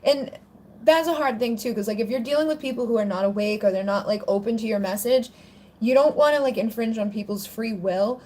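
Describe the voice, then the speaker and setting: A woman's voice: on the high side, fairly quick, mellow. A woman hosting a casual livestream Q&A on spiritual topics, chatty and rambling with plenty of "like" fillers. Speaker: spiritual channel host answering viewer questions.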